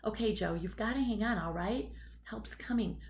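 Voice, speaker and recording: A woman's voice: mid-range voice, moderate pace, slight background noise, lightly acted. A woman reading an audiobook and voicing a brave young female rabbit, speaking urgently and earnestly in a raised voice.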